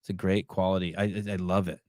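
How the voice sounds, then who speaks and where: A man's voice: deep voice, little pitch movement, fast, darkish tone, dry recording. A man hosting a podcast, ranting crudely and mocking people in whiny voices. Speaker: podcast host. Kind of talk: crude comedic rant to live chat.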